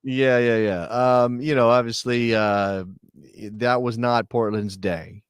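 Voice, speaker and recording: A man's voice: medium pitch, steady tone, slow, smooth, no room sound, clean studio sound. A man hosting a live sports talk show, chatty and joking, with many fillers and restarts. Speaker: podcast host.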